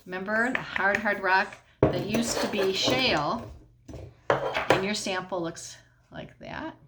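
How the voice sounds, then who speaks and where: A woman's voice: medium pitch, slow pace, very noisy. A middle-aged woman teacher explaining a science lesson at home in a patient way, often checking in with the class.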